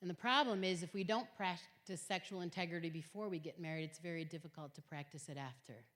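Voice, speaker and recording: A middle-aged woman giving an earnest Christian talk to high school students, telling stories emphatically and swinging from quiet to loud. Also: quick pace. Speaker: guest speaker at a high school. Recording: long hall reverb.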